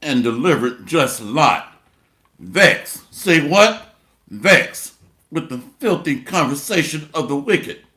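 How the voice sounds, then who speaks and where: A man's voice: fairly high pitch, lively intonation, slow, bright, forceful tone, echoey room. A man preaching a sermon and reading scripture aloud, in a blunt, mocking way.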